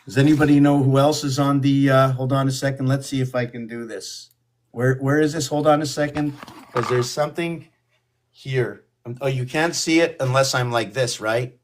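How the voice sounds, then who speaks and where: A man's voice: mid-range voice, fairly even intonation, normal speed. A man giving a rambling solo monologue to camera, wandering between thoughts with restarts and asides, and at times coaxing his cat. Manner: wandering, stream-of-consciousness, frequent restarts and asides. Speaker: video creator.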